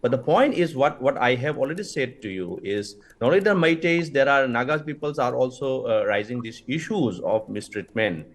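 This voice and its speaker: A man's voice: mid-range voice, lively intonation, normal speed, few pauses. Professor guy on a news panel, lots of uh's and repeats. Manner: hesitant, with many fillers and repeats. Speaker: academic, panel guest. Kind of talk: TV news discussion.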